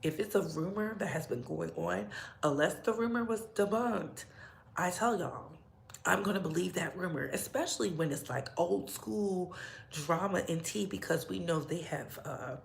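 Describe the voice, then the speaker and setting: Sassy gravelly-voiced woman streaming gossip. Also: fairly low pitch, moderate pace, slight background noise. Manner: sassy, chatty, greets viewers, laughs often. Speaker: livestream host. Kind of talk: casual gossip livestream chat.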